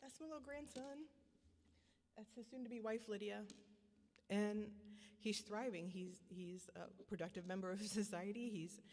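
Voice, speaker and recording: A middle-aged woman giving a personal testimony as a parent, earnest and repetitive, often halting and restarting her sentences. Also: mid-range voice, fairly even intonation, darkish tone. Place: church hall. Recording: long church hall reverb.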